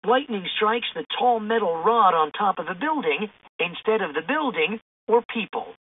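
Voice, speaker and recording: A woman reading a children's storybook aloud in an expressive, lively way. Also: mid-range voice, normal speed, slightly rough. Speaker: storybook reader. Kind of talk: children's book read-aloud. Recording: tinny phone-like sound.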